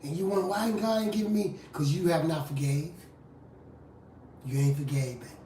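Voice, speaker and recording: A fiery street preacher in a confrontational live sermon. The voice drops low for scripture, then bursts out loud. It is recorded from well back from the mic, in a room with a strong echo. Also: a little fast, slight background noise. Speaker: street preacher and rap artist. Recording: roomy echo from a distant mic.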